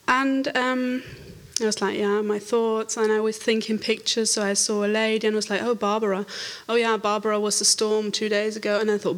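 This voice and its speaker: A woman telling an animated church testimony, laughing often and acting out the voices in her story. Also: mid-range voice, normal speed. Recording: reverberant hall.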